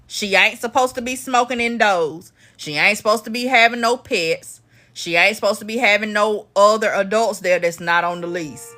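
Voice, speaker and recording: A woman hosting a casual live-stream recap, chatty and animated as she talks to her viewers. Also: mid-range voice.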